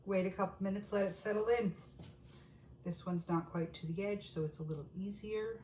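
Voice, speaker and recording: A woman's voice: mid-range voice, steady tone, normal speed, darkish tone, slight background noise. Chatty woman cooking in echoey kitchen. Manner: chatty, talks straight to viewers. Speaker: home cooking vlogger. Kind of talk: casual cooking demonstration. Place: home kitchen.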